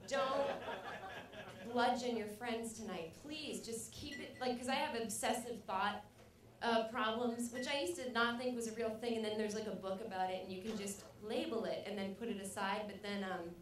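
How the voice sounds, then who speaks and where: A woman's voice: medium pitch, fairly even intonation, fairly quick, recorded from a distance, slight background noise. Rambling woman comic, echoey room. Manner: rambling, self-mocking, loud acted outbursts. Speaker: stand-up comedian. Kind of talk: stand-up set. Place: comedy club stage. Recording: echoey club recording from afar.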